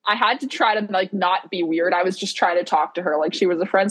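Young woman telling a lively story, husky voice. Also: on the low side, brisk. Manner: animated storyteller who acts out quotes and laughs often. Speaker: podcast guest co-host. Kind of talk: casual chat over a video call. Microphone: video call.

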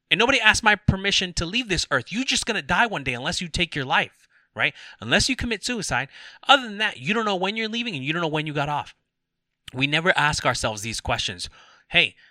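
Male podcast host, bright forceful voice, dry close sound, preachy and rambling. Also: medium pitch, dry recording. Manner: impassioned, rambling with restarts. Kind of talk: preachy faith talk.

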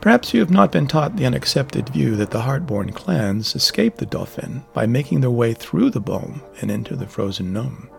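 Male reader doing a gravelly, condescending old recluse for a storybook, sly and mocking. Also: medium pitch, sing-song, moderate pace, few pauses. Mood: taunting. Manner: taunting, condescending.

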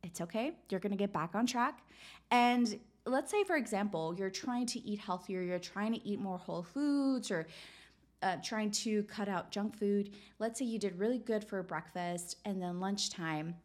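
A woman's voice: mid-range voice, measured pace, a little mellow. Encouraging woman podcast host. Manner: encouraging, peppered with "right?" tag questions. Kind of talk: casual self-help podcast talk.

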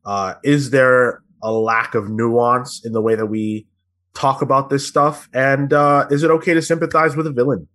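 A man's voice: mid-range voice, steady tone, moderate pace, a bit bright. A man hosting a podcast, chatting casually and running through the show's plugs with plenty of fillers. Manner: rambling, filler-heavy, conversational. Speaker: podcast host.

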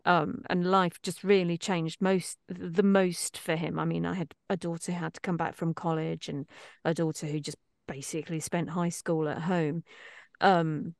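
Middle-aged actress guest, rambling and self-deprecating, dry close sound. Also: female voice, lowish voice, level tone, normal speed, gravelly, no echo. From Britain. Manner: chatty, self-deprecating, many restarts. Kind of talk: casual interview chat.

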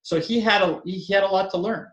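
A man's voice: high voice, steady tone, fast, reverberant, muffled recording. A man in his sixties, a veteran basketball coach giving an interview, talking casually with many fillers and restarts and the odd self-deprecating chuckle. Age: 60s.

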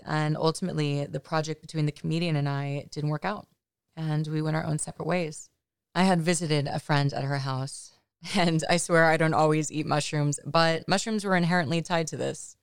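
Low-voiced woman host just chatting through her own story, smooth tone, lots of "you know". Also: steady tone, normal speed, no room sound, clean studio sound. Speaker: podcast host. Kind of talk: personal storytelling monologue.

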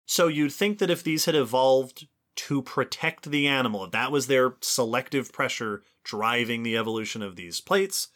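A man co-hosting an educational podcast, explaining in an enthusiastic, lively way. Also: medium pitch, normal speed, hardly any pauses. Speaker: podcast co-host. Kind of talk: educational casual chat.

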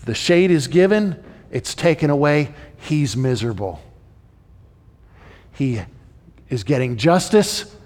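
Man preaching in a reverberant hall. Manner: animated storytelling, drops low for asides. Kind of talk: sermon.

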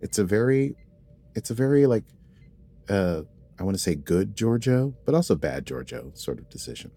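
A man's voice: fairly low pitch, very animated, moderate pace, mellow, breathy edge. A man co-hosting a podcast, chatting casually about a TV episode in a playful, rambling way, full of asides and self-corrections. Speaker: podcast co-host.

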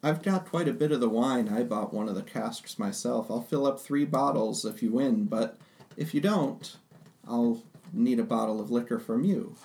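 A man's voice: medium pitch, moderate pace, darkish tone, natural voice. A man voicing a cheerful, boastful female cat-folk game organizer in a tabletop game. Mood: bargaining. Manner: cocky, talks up her own chances.

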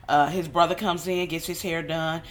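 A woman who works as a hairstylist, telling an animated story in an interview and acting out the voices of the people in it. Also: low-pitched, normal speed. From Southern California. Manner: animated storyteller, acts out quoted voices, laughs often.

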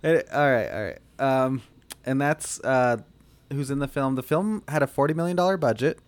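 A man's voice: medium pitch, animated, moderate pace. Chatty laughing man hosting a podcast. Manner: laughs often, loose with fillers. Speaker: podcast host. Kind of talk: casual movie podcast chat.

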